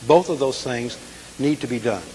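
A man's voice: mid-range voice, normal speed, warm tone. A man preaching a sermon, talking plainly and checking in with his listeners as he goes. His voice carries a long echo from the hall around him. A faint hiss sits under it. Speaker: Bible teacher.

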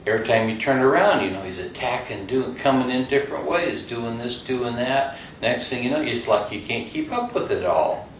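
A man's voice: mid-range voice, very animated, moderate pace, hardly any pauses. A man in casual chat, thinking aloud in a hesitant way. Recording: echoey room, faint noise.

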